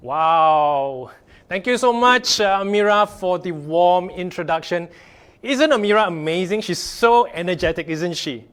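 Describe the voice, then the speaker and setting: A man giving a motivational sales training talk, upbeat and emphatic, trailing softer at the ends of phrases. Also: high voice, expressive, unhurried, clear, resonant tone.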